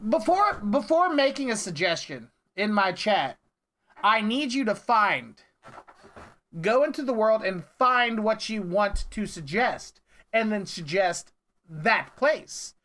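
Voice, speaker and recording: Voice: medium pitch, animated, slow, fairly bright tone. A streamer ranting casually to chat in an exasperated, rambling way, with swearing, at a desk mic at home. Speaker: prank call streamer.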